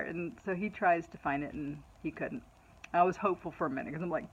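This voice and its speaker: A woman's voice: on the low side, fairly quick, lo-fi sound. Chatty middle-aged woman telling a story. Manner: chatty and animated, laughs at her own story. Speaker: vlogger. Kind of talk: casual personal storytelling to camera.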